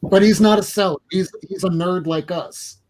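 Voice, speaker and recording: A man hosting a casual chat with friends, telling animated stories full of swearing and acted-out quotes. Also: high voice, normal speed. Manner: storytelling, swearing, acting out quotes. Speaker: host.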